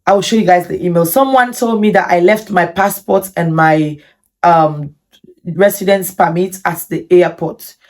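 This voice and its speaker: A woman vlogger telling a personal story to camera in an animated, indignant way, with many repetitions. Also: lowish voice, moderate pace. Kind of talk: storytime vlog.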